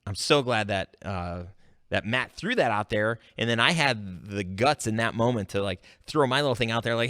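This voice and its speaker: A man hosting his own podcast, telling stories in a casual, animated way and jumping up in pitch when he quotes himself. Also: a little fast, no room sound, clean studio sound. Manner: animated storytelling, jumps high when quoting himself. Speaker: podcast host. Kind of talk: casual solo podcast monologue.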